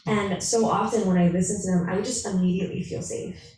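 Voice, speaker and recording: A young woman asking a question from the audience, excited and gushing, with frequent fillers. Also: medium pitch, brisk. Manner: excited, gushing, heavy use of "like". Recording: very echoey hall, mic at a distance.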